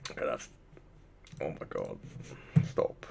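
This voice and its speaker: A man live-streaming, chatting casually with his viewers, excitable and constantly swearing. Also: slow pace, background noise.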